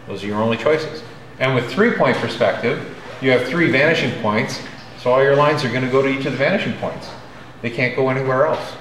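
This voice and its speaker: In a roomy classroom with faint ambience, a male drawing instructor lectures in a direct, emphatic way and often checks in with his students. His medium-pitched voice is brisk and a bit bright, with slight background noise.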